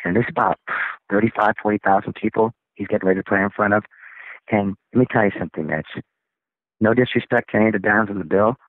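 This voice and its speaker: A man, a rock singer, telling stories as an interview guest, acting out other people's lines in excited, high voices. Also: quick pace, no room sound. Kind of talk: casual storytelling interview. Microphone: phone. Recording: tinny, dry phone line.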